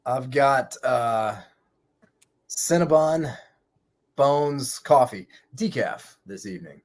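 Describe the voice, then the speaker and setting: A man in an easygoing live chat, with a mid-pitched voice that wanders through half-finished thoughts. He rambles and corrects himself as he goes. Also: expressive, takes it slowly. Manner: rambling, self-correcting, chuckles often. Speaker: guest. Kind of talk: casual chat.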